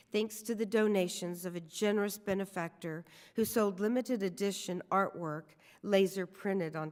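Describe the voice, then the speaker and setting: A woman speaking at a church service, telling a personal story in a deliberate, reflective manner. Her voice sits in a middle register. It rings out with the long reverb of a church sanctuary. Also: medium pitch.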